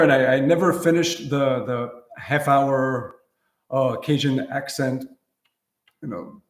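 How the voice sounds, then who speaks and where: A middle-aged man with a mid-range voice and a roomy sound hosts a guitar livestream. In a casual, chatty way, he tells loose, profane stories and chuckles along.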